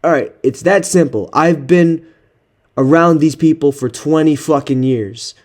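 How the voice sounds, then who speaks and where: A man's voice: on the high side, unhurried, darkish tone. A man giving casual reaction commentary on text messages he is reading, exasperated and slangy, swearing often. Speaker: content creator.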